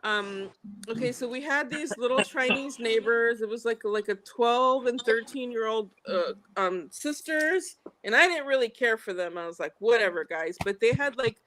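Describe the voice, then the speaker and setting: A woman's voice: fairly high pitch, animated, normal speed, a bit bright. A woman chatting on a live stream, a laughing storyteller who acts out the people she quotes. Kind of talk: casual chat on a live stream.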